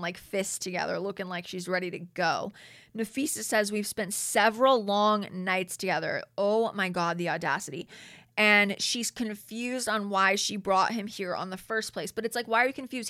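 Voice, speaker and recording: Bright-voiced young woman recapping TV. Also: mid-range voice, no echo, studio quality. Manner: animated and slangy, reading from her notes. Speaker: reality TV recap host. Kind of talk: casual recap commentary.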